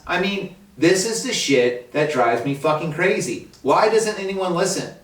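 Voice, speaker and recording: A man's voice: a little high, lively intonation, measured pace, hardly any pauses, fairly bright tone. A man in a fly shop, ranting profanely about fishing line in casual talk, heard from a distance. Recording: echoey room, mic at a distance.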